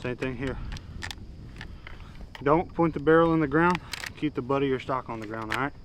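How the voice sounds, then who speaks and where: A man's voice: mid-range voice, normal speed, rough recording. A man, outdoors at a duck marsh, giving a firm, instructive hunting safety briefing. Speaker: hunting guide. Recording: outdoor wind and clear background noise.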